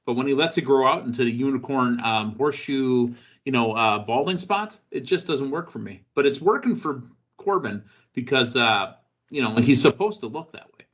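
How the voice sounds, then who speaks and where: A man hosts a casual wrestling podcast. His voice is bright and forward, and he talks in a loose, joking way with plenty of fillers. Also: medium pitch, expressive, normal speed, highs cut off. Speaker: podcast host.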